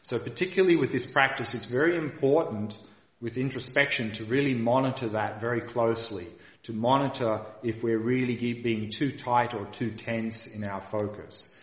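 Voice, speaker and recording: A man teaching a meditation practice, guiding patiently and calmly and repeating key points for emphasis. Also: medium pitch, moderate pace, echoey room. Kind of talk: guided meditation instruction.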